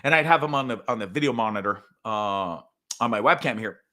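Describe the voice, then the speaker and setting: Man ranting on his show, swearing a lot, lively swooping voice, bright edge. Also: on the low side, brisk. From Canada. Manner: profane, animated storytelling with loud outbursts. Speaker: podcast host. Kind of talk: casual ranting monologue.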